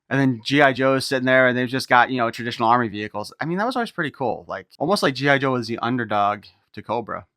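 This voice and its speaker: A man's voice: medium pitch, bright, forceful tone, no echo, clean studio sound. A man giving a casual toy unboxing review, reading a file card aloud and breaking off for irreverent wisecracks.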